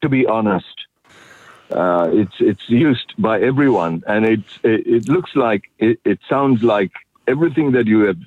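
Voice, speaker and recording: A man's voice: fairly low pitch, animated, unhurried, slightly rough, dry recording. A man calling a radio show, hesitant and full of fillers, heard over a phone line. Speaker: caller.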